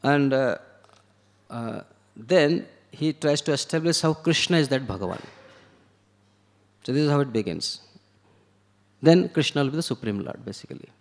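A man teaching a scripture class, explaining verses and word meanings one step at a time and sometimes chanting lines in Sanskrit. His voice sits at a middle pitch. A long reverb trails after his words, as if he is speaking in a large hall. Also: expressive, moderate pace, pauses often.

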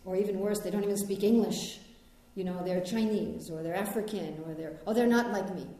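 Middle-aged american woman telling little stories in a spiritual talk, gentle and thoughtful, soft mellow voice, lots of room echo. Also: medium pitch, brisk. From New York, United States. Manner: storytelling, gently reflective, with personal anecdotes. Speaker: spiritual teacher. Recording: very echoey room.

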